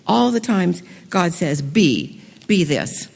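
A woman giving an enthusiastic talk to a women's gathering, moving between hushed, slow passages and excited bursts. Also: lowish voice, creaky. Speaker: speaker at a women's event. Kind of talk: sermon. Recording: long reverb of a hall.

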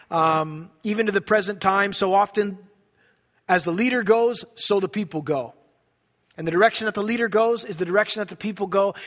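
High-voiced pleading preacher in a hall. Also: male voice. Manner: pleading, emphatic preaching, dropping soft for scripture. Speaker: pastor. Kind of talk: sermon. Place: church sanctuary. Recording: hall reverb.

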